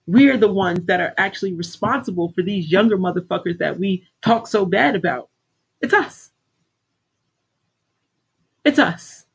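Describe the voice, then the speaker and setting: Blunt, profane woman with a husky voice. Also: fairly low pitch, brisk, hardly any pauses, highs cut off. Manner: blunt, heavily profane, preachy. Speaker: life coach hosting a livestream. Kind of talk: casual livestream pep talk.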